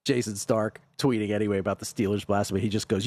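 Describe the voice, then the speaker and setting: A man hosting a sports radio talk show, reading listener messages aloud and adding quick remarks. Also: on the low side, steady tone, a little mellow, no echo. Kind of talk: casual talk show banter.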